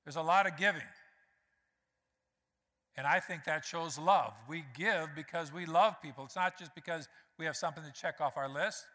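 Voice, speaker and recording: A male pastor delivers a conversational sermon, speaking straight to his congregation and acting out the lines he quotes. His voice is bright and forceful. It rings with the long reverb of a church hall. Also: on the high side, moderate pace. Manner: conversational preaching, acts out quotes, addresses congregation directly. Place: church sanctuary.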